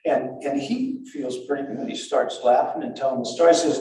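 An older man recounting a survival ordeal in a halting, breathless way, full of restarts and repeated words. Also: mid-range voice, lively intonation, dark tone. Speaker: survivor telling his story. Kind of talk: spoken first-person recollection. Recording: very echoey and far from the mic.

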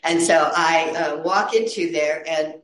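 A woman's voice: deep voice, unhurried. A middle-aged woman telling a story with lots of laughter and acted-out voices, then turning it into an encouragement of faith. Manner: animated, laughs often, acts out quoted voices. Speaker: storyteller sharing a testimony. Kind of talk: casual storytelling with a Christian message. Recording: echoey room.

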